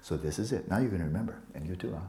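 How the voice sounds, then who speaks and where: A man teaching meditation to a retreat group, relaxed and playful, often sinking into a soft whisper and teasing students by name. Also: low voice, rapid-fire, slight background noise. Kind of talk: dharma talk to a retreat group. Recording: echoey room with faint ambience.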